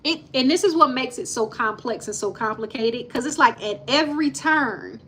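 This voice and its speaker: Recapping court testimony for her live-stream audience, this woman has a bright voice pitched somewhat high and talks at a normal speed. Quotes are read out plainly, broken up by sighs and direct remarks to viewers, all in a casual, frank manner. Her live-stream mic carries a little hiss or hum.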